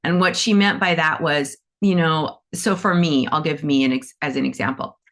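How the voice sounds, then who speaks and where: Chatty woman with a lowish voice. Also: normal speed, fairly bright tone. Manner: chatty, storytelling, acts out voices in quotes. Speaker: animal Reiki teacher. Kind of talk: casual talk to students.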